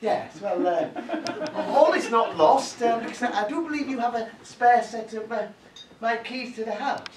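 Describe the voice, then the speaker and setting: A man's voice: very high-pitched, normal speed, a crowd in the background. A man doing a flustered, apologetic stand-up monologue, full of hesitations. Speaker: stand-up comedy performer. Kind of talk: stand-up sketch monologue to a live audience. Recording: echoey room, far from the mic, noisy. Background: audience laughter.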